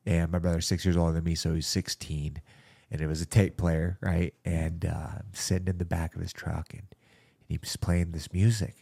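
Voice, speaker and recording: A man hosting a casual chat who tells a story in an excitable way, full of swearing. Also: deep voice, moderate pace, creaky, breathy edge.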